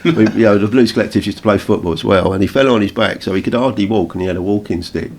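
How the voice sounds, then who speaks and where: A man with an English accent, co-hosting a radio show and telling anecdotes in a casual, animated way with frequent laughs. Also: fairly low pitch, fast talker. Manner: storytelling, animated, laughs often. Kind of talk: casual reminiscing chat.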